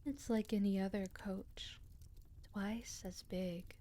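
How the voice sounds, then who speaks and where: A woman voicing a superstitious old peasant crone in a storybook reading, speaking softly and often half-whispered. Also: mid-range voice, steady tone, slow, close to an everyday voice. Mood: solemn.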